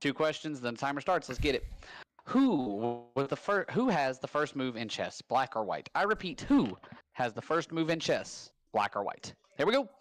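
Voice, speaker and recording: A man hosting a casual live-stream trivia game, rambling and upbeat with quick bursts of hype. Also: mid-range voice, sing-song, a bit bright. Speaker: trivia host. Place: home.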